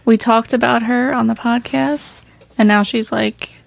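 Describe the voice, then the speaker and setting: A woman co-hosting a casual podcast, a little hoarse, chatty and laughing often as she rambles through stories. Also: fairly high pitch, fairly even intonation, measured pace, no echo. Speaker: podcast co-host. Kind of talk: casual chat.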